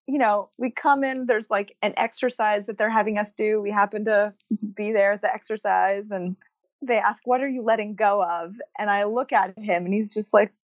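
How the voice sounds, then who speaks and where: A woman comedian, a podcast guest, telling a personal story in a lively, laughing manner. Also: mid-range voice, normal speed, no echo, muffled recording. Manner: animated storytelling, laughing through tears. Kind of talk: casual podcast conversation.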